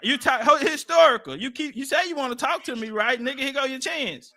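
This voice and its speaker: A man's voice: very high voice, fairly quick, bright, forceful tone. A man with an African American Vernacular English accent, arguing on a heated live-stream debate panel, confrontational, repeating himself and talking over others.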